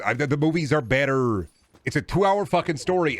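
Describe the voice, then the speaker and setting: A man's voice: a little high, expressive, fairly quick, no room sound. A man streaming a video game, chatting casually and ranting with lots of swearing, slipping in goofy riffs. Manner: rambling, profane, riffs into silly voices. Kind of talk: casual gaming stream chat.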